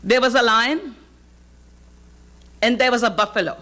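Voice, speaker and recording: A woman's voice: fairly high pitch, measured pace, pushed and bright. A woman from Fiji giving a live devotional sermon, telling stories and reciting Sanskrit verses. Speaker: spiritual preacher. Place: live talk to an audience.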